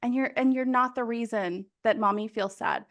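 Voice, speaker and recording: High-voiced emotional woman podcast host. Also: fairly even intonation, moderate pace, fairly bright tone. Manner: emotional, laughs easily, rambling. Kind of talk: casual conversation.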